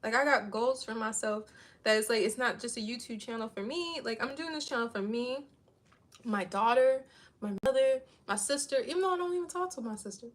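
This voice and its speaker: Speaking fairly fast in a high-pitched voice, a woman in her thirties vlogs for her audience. Her talk is loose and wandering, peppered heavily with "like."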